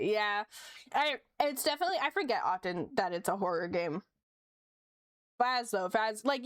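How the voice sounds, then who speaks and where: A woman's voice: mid-range voice, no room sound, studio quality. A young woman streaming her art, chatting casually and giggling as she reads chat aloud.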